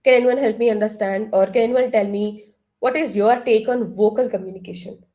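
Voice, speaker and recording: A woman leading an online counseling workshop, asking the group questions and now and then clearing her throat. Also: a little high, fairly even intonation, fairly quick, warm tone. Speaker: workshop trainer. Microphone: laptop far across the room.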